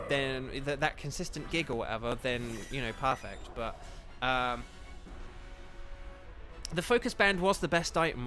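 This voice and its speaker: A young man with a somewhat high, slightly bright voice chats casually on a live game stream. He rambles, using plenty of fillers and apologies, talking into a desk microphone at home.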